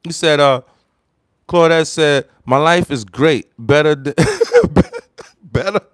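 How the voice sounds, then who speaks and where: A man's voice: a little high, a little slow, clear, resonant tone, no room sound, studio quality. Rambling man livestreaming to his chat. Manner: rambling, heavy fillers, laughs loudly; heated, loud ranting. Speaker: livestream host. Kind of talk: casual livestream chat reading comments.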